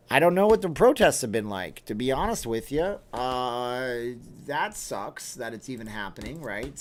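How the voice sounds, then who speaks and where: A man's voice: mid-range voice, a little hiss or hum. A man hosting a casual livestream from home, reading viewer comments aloud and answering them with wry, joking asides. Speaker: livestream host.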